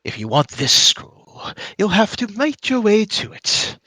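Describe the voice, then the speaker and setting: A man's voice: high-pitched, wildly swooping pitch, measured pace, bright, forceful tone, no echo, voice pushed up, full character voice. A man voicing an eccentric old male wizard, a flamboyant showman with a theatrical, grandly affected manner. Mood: sly showman.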